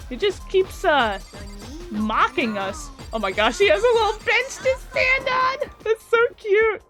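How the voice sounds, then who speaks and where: A young woman doing let's play commentary with a very high, lively voice. She reacts with excited, giggly exclamations, with faint game music underneath. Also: measured pace. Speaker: gaming channel host.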